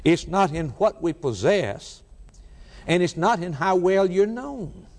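A middle-aged man preaching a sermon, emphatic, repeating key words and pausing for effect. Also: sits high, animated, a little mellow. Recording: long reverberant hall.

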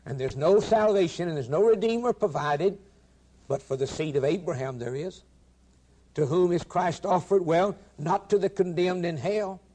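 Man preacher, slightly high voice, emphatic, earnest sermon delivery with rhetorical questions. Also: dark tone. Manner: earnest, emphatic, quoting scripture in old-fashioned wording; direct address to listeners with rhetorical questions.

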